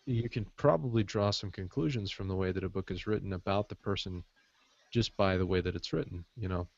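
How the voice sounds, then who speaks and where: A man's voice: low-pitched, a little fast, creaky. A man co-hosting a casual podcast chat, rambling with frequent fillers, heard over muffled call audio. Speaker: podcast co-host.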